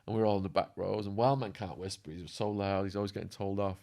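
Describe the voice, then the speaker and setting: A man telling prison stories as a podcast guest, acting out quotes and laughing, his voice going hoarse. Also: fairly low pitch, fast. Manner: animated storyteller, acts out quotes, laughs. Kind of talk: storytelling interview.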